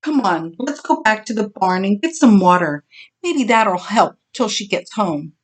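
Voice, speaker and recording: A woman voicing Oakley, a gentle motherly female farm animal who soothes and consoles in a storybook reading. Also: mid-range voice, expressive, unhurried. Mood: soothing.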